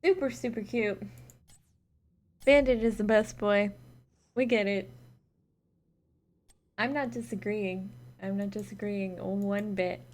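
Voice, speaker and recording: A woman esports caster covers a gaming tournament solo on a live stream, chatting with viewers and thanking them between games. Her medium-pitched voice is steady and a little mellow, and she speaks slowly with long pauses.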